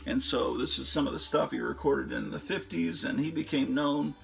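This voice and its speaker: A man's voice: mid-range voice, normal speed, gravelly, faint music behind. A man hosting a show, chatting casually and enthusiastically about his record collection in a rambling way, often trailing off into fillers.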